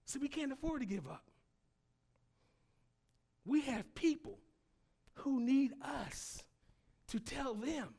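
A male preacher with a high, sweeping voice that leaps up and drops low. He takes his time, pausing between emphatic phrases. He calls on his listeners to repeat after him and builds to loud peaks. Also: lively intonation, gravelly, slightly rough. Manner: call-and-response preaching, rising to shouts; slow, emphatic phrasing with long pauses. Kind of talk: sermon.

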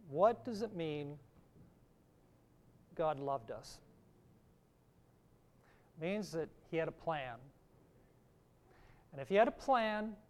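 A middle-aged man giving a sermon, teaching earnestly and reading scripture aloud. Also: on the high side. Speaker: preacher.

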